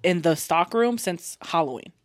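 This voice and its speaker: A woman's voice: on the low side, animated, normal speed. A woman co-hosting a casual chat, laid-back, teasing and profane.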